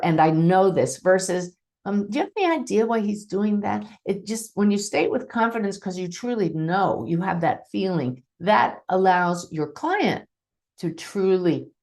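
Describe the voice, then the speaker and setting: Low-voiced lady medium telling reading stories, excited, acts out the quotes. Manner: warm, enthusiastic storytelling, acting out quotes. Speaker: medium and host. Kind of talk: teaching talk to an online audience.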